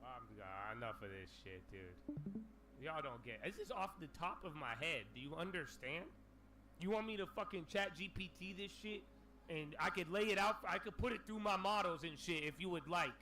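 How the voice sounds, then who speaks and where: A man hosting a casual livestream, ranting in an animated, profane way with lots of slang. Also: sits high. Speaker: livestream host.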